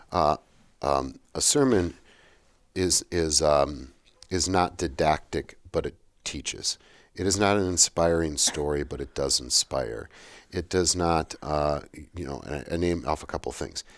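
A man with an extremely deep, low voice talks about preaching in a relaxed discussion. He is emphatic and halting, often restarting his sentences. The sound is dry and close. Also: dry recording. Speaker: pastor and teacher of worship classes. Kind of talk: casual theological discussion.

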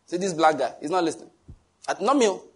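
Man, preacher, sermon, husky voice, joking, animated. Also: a little high, fast talker. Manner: animated, joking, pleading asides.

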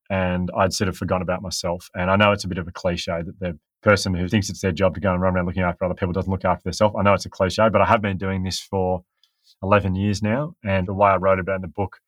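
Fast-talking man, candid and low. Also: little pitch movement, fairly bright tone, dry recording. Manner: candid, reflective storytelling. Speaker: author guest. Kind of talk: podcast interview.

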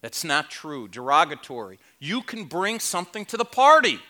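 A man's voice: a little high, sing-song, moderate pace, bright, forceful tone. A man preaching a sermon at a conference, emphatic and conversational, with rhetorical questions and wry asides. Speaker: conference speaker.

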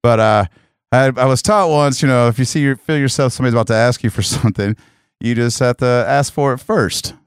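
Radio cohost guy, talks fast, smooth clear voice, laid back storytelling, dry studio mic. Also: mid-range voice, dry recording. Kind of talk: casual studio banter.

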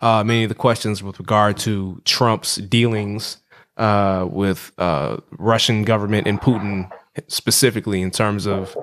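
A man's voice: on the low side, unhurried, fairly bright tone, a little hiss or hum. A man co-hosting a podcast, ranting about politics in a casual, rambling way, repeating words as he gets going, with a sarcastic edge. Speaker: podcast co-host. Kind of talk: casual chat and political rant.

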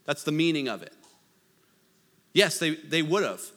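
Bright high-voiced man preaching in a hall. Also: very animated, a little slow. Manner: conversational, joking asides, swings loud to hushed. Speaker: pastor. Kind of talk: sermon.

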